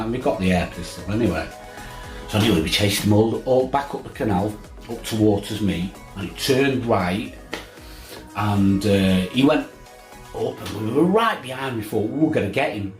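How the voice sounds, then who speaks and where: A man's voice: fairly low pitch, lively intonation, normal speed, a little mellow, echoey room, soft background music. A man, a fishing vlogger telling a rambling, swearing anecdote with lots of restarts. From England. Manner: swearing, laughing anecdote teller with many restarts. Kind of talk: casual storytelling.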